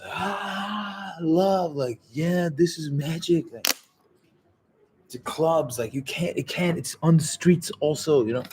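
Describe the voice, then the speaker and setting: A man talking in a loose, rambling monologue, swearing and quoting other people in quick voices. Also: a little high, noisy background.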